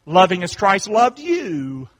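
A man pastor preaching a sermon, calling out to his congregation and swinging from quiet asides to shouts. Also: high voice, sing-song, takes it slowly. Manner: call-and-response preaching, swings from hushed to shouting. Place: church sanctuary.

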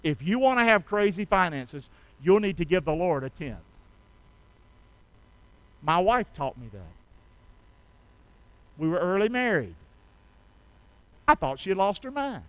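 Pastor, man, middle-aged, call-and-response sermon, high voice, crisp and dry. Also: sing-song, measured pace, pauses often, no echo, rough recording. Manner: call-and-response preaching, swings from soft to loud.

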